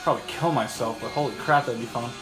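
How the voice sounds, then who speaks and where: A man's voice: mid-range voice, fast talker. A young man in a loose, jokey chat at home, cursing easily and riffing on silly ideas. Music plays behind him. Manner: laid-back, swears freely, jokey. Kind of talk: casual chat. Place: a house.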